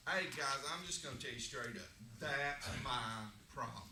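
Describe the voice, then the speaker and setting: A man's voice: medium pitch, moderate pace, few pauses, pushed and bright. A middle-aged man, teaching a couples Sunday school class in a folksy, joking way. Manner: folksy, joking, drawling asides. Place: church classroom. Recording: echoey room, distant mic, noisy.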